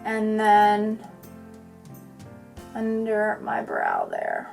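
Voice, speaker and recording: Fast-talking bubbly young woman vlogger. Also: mid-range voice, wildly swooping pitch, gravelly, darkish tone, faint music behind. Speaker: beauty vlogger. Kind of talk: chatty makeup tutorial talk-through.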